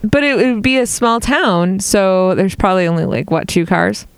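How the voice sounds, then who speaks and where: A woman co-hosting a casual chat show, with dry, deadpan humor. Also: mid-range voice, normal speed, clean tone. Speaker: podcast co-host.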